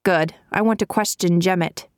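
A woman's voice: fairly low pitch, fairly even intonation, moderate pace, no room sound, studio quality, close to an everyday voice. Woman reading a genial lawyer father. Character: genial middle-aged male lawyer.

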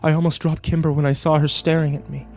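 A man narrating a dark first-person story in a tense, emotional way. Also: fairly high pitch, little pitch movement, quick pace, faint music behind.

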